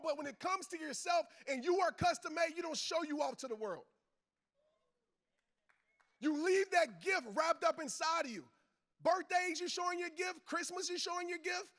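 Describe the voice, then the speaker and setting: A football coach and father gives an emphatic, preachy motivational speech to a live crowd, speaking directly to them. He repeats his key lines in casual Southern slang. His voice is extremely high-pitched with a fairly bright tone.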